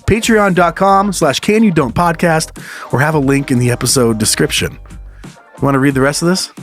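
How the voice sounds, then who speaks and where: A man's voice: a little high, moderate pace, faint music behind. Playful laughing male podcast co-host. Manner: laughs often, joking and playful. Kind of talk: casual chat.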